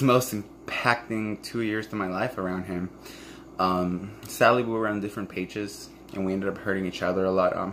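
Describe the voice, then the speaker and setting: A man's voice: lowish voice, a bit bright, slight background noise. A man talking candidly to camera in a raw, profane, emotional monologue about a past relationship. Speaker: vlogger.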